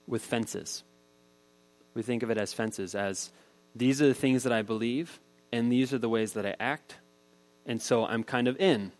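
A man preaching a sermon as a pastor, talking in a relaxed, conversational way and telling everyday stories. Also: mid-range voice, rough recording.

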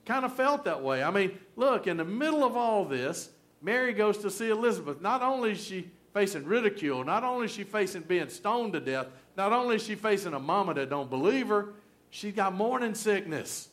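A middle-aged man, preaching a sermon in a folksy, animated storytelling way with humor. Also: on the high side. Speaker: pastor.

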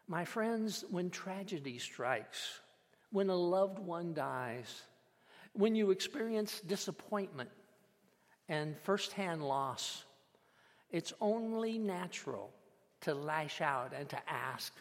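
A man preaching a sermon as a pastor, measured and emphatic, with dramatic pauses. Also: sits high, expressive, a bit bright. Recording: long hall reverb.

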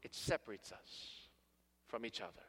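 A man preaching a sermon, calling out to his listeners as friends, rising to loud emphatic peaks and dropping to hushed near-whispers. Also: moderate pace. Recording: long hall reverb.

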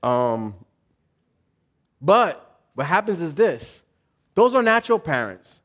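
Animated man preaching a casual sermon. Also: fairly high pitch, takes it slowly. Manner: animated, animated storytelling with acted-out voices; casual slangy delivery. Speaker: pastor. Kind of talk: conversational sermon.

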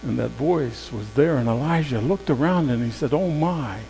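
A male preacher delivers a sermon in a loose, conversational storytelling manner, his voice set at an ordinary middle pitch. He moves from loud, emphatic passages to near-hushed ones. The sound carries a long hall reverb over a faint mains hum. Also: normal speed, vocal fry.

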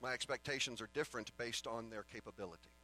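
A middle-aged man preaching a sermon as a pastor, swinging from loud emphatic declarations to quiet earnest asides. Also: mid-range voice, quick pace, a little hiss or hum, low-quality recording.

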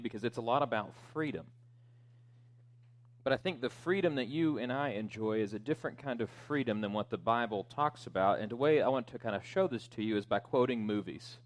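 A man preaching a sermon as pastor in a conversational way, with joking asides and fillers. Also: medium pitch.

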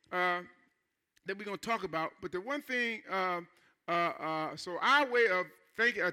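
High, bright-toned conversational preacher man. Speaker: pastor. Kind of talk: sermon.

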